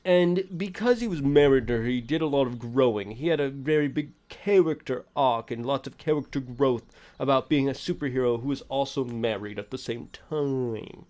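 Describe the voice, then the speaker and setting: A man's voice: medium pitch, normal speed, few pauses, a little mellow. Rambling man chatting over gameplay. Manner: rambling, self-correcting, opinionated. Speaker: streamer. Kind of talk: casual let's-play chatter.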